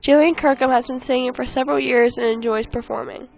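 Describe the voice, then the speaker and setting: A teenage girl reading a school news report in an earnest, slightly halting way. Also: high voice, steady tone, creaky, a little mellow, low-quality recording. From Ohio.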